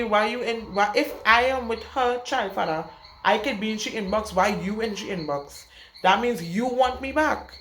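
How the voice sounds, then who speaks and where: A young woman, vlogging an emphatic, blunt rant to camera, repeating her points for weight. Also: on the high side. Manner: emphatic, repetitive, speaks her mind bluntly. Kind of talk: casual storytime rant to camera. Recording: echoey room with faint background noise.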